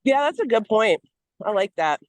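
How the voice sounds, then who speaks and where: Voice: medium pitch, very animated, normal speed, dry recording. A speaker joins a casual group call mid-walk and sounds out of breath. The talk is playful, with frequent laughter. The sound is close and dry. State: out of breath from walking. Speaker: panel participant.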